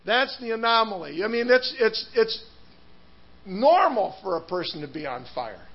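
A man's voice: high voice, sing-song, normal speed, highs cut off. A man preaching a sermon, telling a story with laughs and restarts before turning to scripture. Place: church hall.

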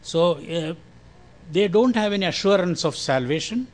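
Older Indian man speaking slowly. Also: high voice, expressive. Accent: Indian, Malayalam-influenced. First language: Malayalam. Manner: slow, careful, friendly with short laughs. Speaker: guest speaker giving testimony. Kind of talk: church testimony talk.

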